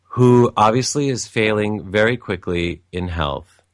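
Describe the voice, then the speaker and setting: A man's voice: fairly low pitch, a little slow, no room sound, studio quality. A man telling a personal family story in a reflective, meandering way, with frequent restarts and asides.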